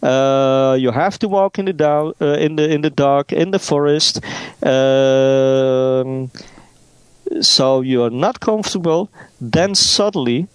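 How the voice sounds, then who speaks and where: A man speaking as an in casual chat, halting with many restarts. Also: mid-range voice, smooth, no room sound.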